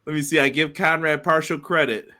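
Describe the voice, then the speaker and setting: A man's voice: fairly high pitch, steady tone, a little fast, sharp tone. A man co-hosting a wrestling podcast, chatting casually and reading out listener comments. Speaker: podcast co-host.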